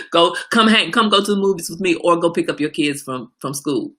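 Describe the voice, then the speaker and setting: A woman hosting a casual livestream, answering viewer comments by name in an animated way. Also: normal speed. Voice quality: gravelly low voice. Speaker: livestream host.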